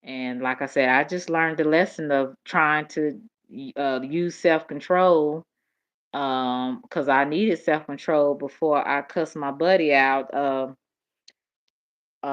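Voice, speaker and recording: A woman's voice: deep voice, steady tone, measured pace. A sleepy woman with a Southern accent, chatting late at night on a livestream and answering comments with a lazy drawl and frequent laughs. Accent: Southern US, Dallas. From Tennessee. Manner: drowsy, drawling, laughs often. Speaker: livestream host. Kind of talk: late-night casual chat reading comments. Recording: dull lo-fi stream audio.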